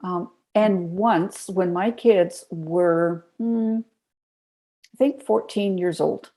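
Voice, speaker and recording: A woman as a podcast guest, telling lively stories and explaining health tips step by step in a conversational interview. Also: on the low side, slow pace.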